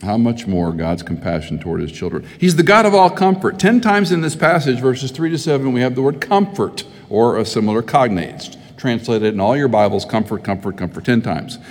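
A man's voice: medium pitch, sing-song, a little fast, hardly any pauses. A middle-aged man preaching a sermon as pastor, telling stories conversationally and growing emphatic. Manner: conversational storytelling, rising to emphatic. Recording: hall with long reverb.

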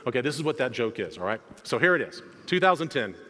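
A man preaching in a large church sanctuary, his voice trailing off into a long hall reverb. He talks in a relaxed, conversational way, stumbling over words and restarting his sentences. His pitch sits in the middle range. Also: fast. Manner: conversational, self-deprecating storytelling with frequent restarts. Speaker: guest preacher. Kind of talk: sermon.

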